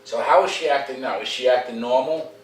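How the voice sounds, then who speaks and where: A man with a brisk, medium-pitched voice works as a dog trainer, coaching a dog owner at home in a direct way and often checking in with "okay?". It's casual instruction during a home visit, recorded in a home room by a distant camera mic that sounds roomy with faint noise.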